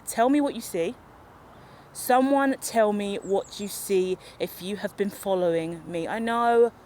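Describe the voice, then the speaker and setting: A woman, rambling through an unscripted walk-and-talk vlog outdoors, animated and self-mocking. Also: medium pitch, slight background noise. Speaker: vlogger. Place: outdoors in a park or woodland. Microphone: handheld camera while walking.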